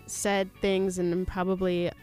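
A woman's voice: on the low side, flat delivery, slow, a little mellow, faint music behind. A young woman co-hosting casual chat, laid-back and full of fillers as she tells a story. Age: young adult. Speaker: co-host.

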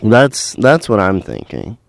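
A young man co-hosting a college radio show, chatting casually and telling stories with animated indignation. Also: fairly low pitch, takes it slowly, vocal fry. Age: young adult. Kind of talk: casual chat.

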